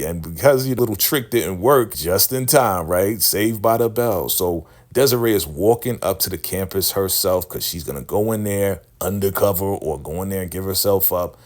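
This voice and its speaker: A young man with a lowish voice recaps a TV episode in a loose, chatty way. He is animated and talks straight to his audience as family. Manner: animated, calls the audience family, acts out quotes. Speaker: TV recap YouTuber.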